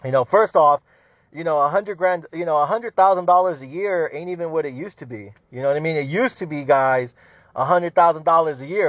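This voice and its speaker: Podcast guy ranting and cussing a lot, slightly high voice, muffled dry sound. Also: a little fast, no echo. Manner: heavy swearing, repeats "you know what I mean", laughs often. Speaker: podcast host. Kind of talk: casual profane rant.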